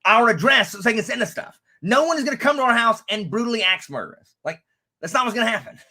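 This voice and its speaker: A man co-hosting a livestream in easy, rambling chat, full of restarts and quick laughs. His voice is bright and forward, and his pitch leaps around as he talks. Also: expressive. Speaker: co-host of a book channel livestream.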